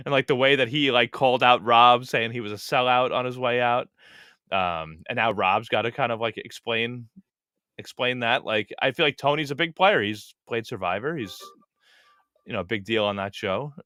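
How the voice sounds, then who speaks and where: A man co-hosting a podcast, recapping a reality show in a rambling, animated way. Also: mid-range voice, moderate pace, dry recording, studio quality. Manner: rambling, animated, acts out quotes. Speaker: podcast co-host. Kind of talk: casual reality TV recap chat.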